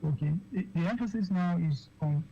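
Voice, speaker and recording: A physician guest with a Nigerian English accent explains things haltingly on a radio interview, padding his points with okays and repeated words. The voice is dark and mellow. The recording sounds dull and lo-fi, with a faint hiss underneath. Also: mid-range voice. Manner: hesitant, repeats words, many fillers and okays.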